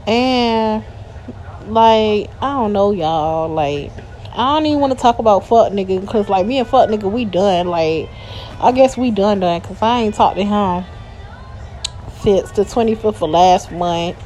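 A woman, venting in a profane, exasperated voice message. Her voice sits at a middle pitch. A faint hiss runs under the recording. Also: unhurried, darkish tone. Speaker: voice message poster. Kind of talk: ranting voice message.

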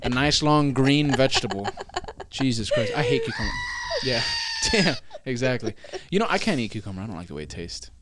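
A man co-hosting a casual sibling podcast, telling stories in an animated, profane way. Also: mid-range voice, brisk, shouting, heavy background noise. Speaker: podcast co-host. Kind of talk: casual chat between siblings.

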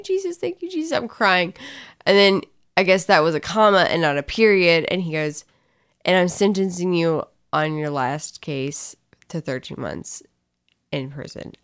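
A woman with a low voice and a gravelly edge tells her own story in a loose, candid way. She rambles through it with feeling, in an easygoing spoken conversation. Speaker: co-host sharing her story. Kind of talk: casual testimony chat.

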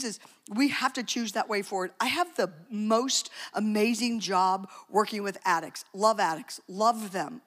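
A woman's voice: medium pitch, fairly bright tone. A woman preaching a sermon in a conversational, emphatic way, with joking asides. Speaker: speaker at a church talk.

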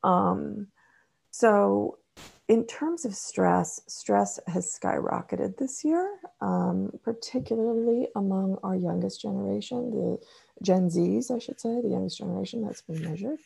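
Brief: middle-aged woman therapist, gravelly and dark-toned, measured interview answers. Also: on the low side. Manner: measured, explanatory, frequent ums. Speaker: therapist and author.

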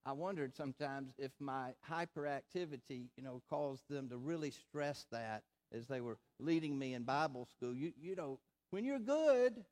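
Emphatic, fairly high-voiced male pastor preaching. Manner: emphatic preaching with rhetorical questions and slowed, stressed phrases. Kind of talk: sermon.

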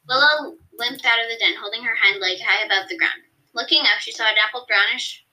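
A woman reads her own story aloud on a podcast, breaking off now and then to fix a detail. Her voice is very bright and a little high. She sounds chatty and unpolished. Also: a little fast, low-quality recording. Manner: chatty, stops to correct herself. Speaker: podcast co-host and story reader.

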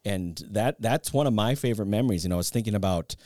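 A man co-hosting a podcast in casual chat, an animated storyteller who laughs at his own anecdotes. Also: on the low side, quick pace, no echo, studio quality. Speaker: podcast co-host.

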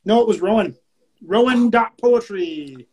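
Woman from Canada, mid-pitched voice, laid-back, swears casually, co-host chat, video call. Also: expressive, unhurried, a little mellow, slightly rough, low-quality recording. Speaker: poetry show co-host.

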